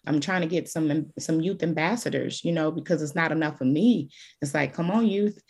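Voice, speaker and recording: A woman's voice: deep voice, fairly even intonation, normal speed, vocal fry, darkish tone, slightly rough. A woman guest on a podcast, telling her story in an emphatic and candid way. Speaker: podcast guest, childhood trauma advocate. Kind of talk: conversational podcast interview.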